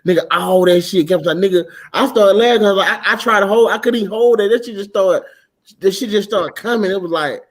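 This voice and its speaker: A young adult man hosting a casual chat show, telling a profane story loudly and with shouted bursts. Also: sits high, quick pace. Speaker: podcast host.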